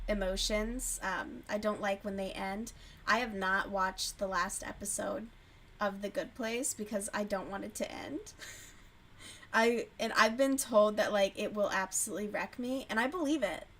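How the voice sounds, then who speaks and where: A woman's voice: medium pitch, a bit bright, slight background noise. A woman hosting a casual livestream while crocheting, chatting loosely, swearing freely and answering her chat as she goes. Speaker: livestream host.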